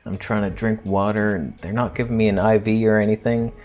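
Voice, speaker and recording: A young man casually telling a story to camera, crude and joking, dropping into quiet theatrical asides. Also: on the low side, steady tone, fairly quick. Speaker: vlogger.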